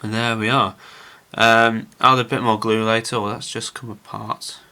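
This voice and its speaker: A man's voice: on the low side, little pitch movement, normal speed, pushed and bright, smooth. A man casually narrating his scale model build to viewers, chatty and rambling with frequent filler words.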